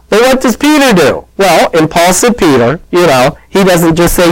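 A man's voice: sits high, big pitch swings, normal speed, few pauses, no room sound, rough recording. A man preaching a conversational sermon, telling the story in a chatty, plain-spoken way.

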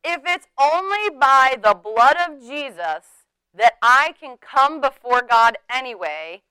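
Middle-aged woman preaching casually, laughs a lot, kinda high voice, super dry close sound. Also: lively intonation, slow pace, bright, forceful tone, clear, resonant tone, dry recording, rough recording. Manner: conversational, laughing, acts out quoted speech. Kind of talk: sermon.

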